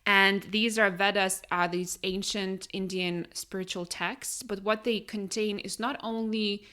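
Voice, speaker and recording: A woman's voice: mid-range voice, fairly even intonation, a little slow, pushed and bright. Woman co-host, non-native English speaker, chatty, upbeat, casual podcast talk. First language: not English. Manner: chatty, upbeat, full of fillers like "you know" and "right?".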